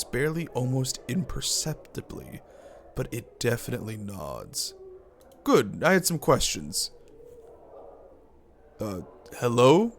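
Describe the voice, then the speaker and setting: A man live-streaming a game playthrough, reading out its text and reacting loudly with swearing. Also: medium pitch, a little hiss or hum. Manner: excitable, swears at surprises. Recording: music playing under the voice.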